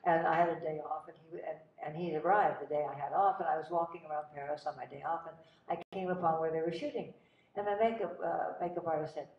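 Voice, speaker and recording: Older woman telling lively anecdotes, roomy and distant. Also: deep voice, fast. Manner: animated, breathless anecdotes with laughs. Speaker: guest actress. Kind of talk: casual storytelling interview. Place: cinema. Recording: roomy, distant, dull sound.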